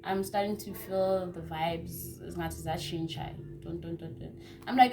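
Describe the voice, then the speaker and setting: A young woman telling a casual story-time tale, chatty and repetitive, with hushed asides. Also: on the low side, fairly even intonation, measured pace, music in the background. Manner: chatty, repeats words, drops into hushed asides. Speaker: vlogger.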